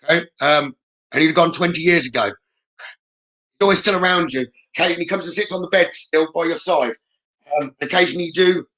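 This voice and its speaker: Speaking quickly in a bright, slightly high voice, a male psychic medium conducts a live-streamed spirit reading. He delivers messages in a calm, reassuring manner and keeps checking with his listener, and the recording is rough.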